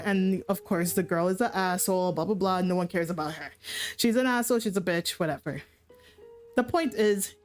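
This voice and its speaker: A woman's voice: lowish voice, darkish tone. A woman streamer casually recapping a story in a rambling, profane way, often correcting herself mid-sentence. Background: faint background music.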